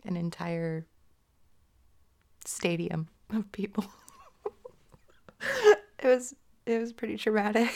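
A young woman talks through a story in a slow, unhurried way, her voice dipping into a gravelly vocal fry. She giggles often and sounds self-conscious, hedging with plenty of fillers. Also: mid-range voice. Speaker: audio creator. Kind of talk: casual confessional chat.

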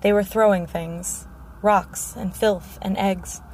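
A woman reading the part of a frightened young noble girl, speaking in a shaken, halting way. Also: mid-range voice, fairly even intonation, a little mellow, a little hiss or hum.

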